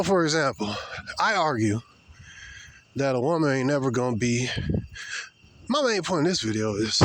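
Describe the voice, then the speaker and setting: A man's voice: mid-range voice, slight background noise. A man giving a blunt, rambling opinion monologue while walking outdoors, with many fillers and repeated words. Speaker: vlogger. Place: outdoors, walking past people.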